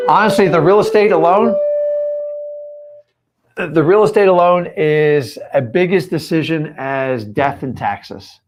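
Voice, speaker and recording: A man teaching in a live stream, punchy and emphatic, firing rhetorical questions at his viewers. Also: on the high side. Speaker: real estate coach.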